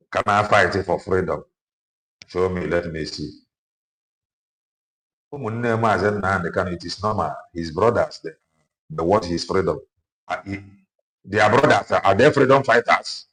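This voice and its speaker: A low-voiced Nigerian man talks from a moving car, pressing his points again and again. He mixes casual chat with forceful repetition. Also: normal speed, long pauses, low-quality recording. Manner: emphatic, repeats phrases for effect. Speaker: commentator. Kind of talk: casual spoken commentary mixing Igbo and English.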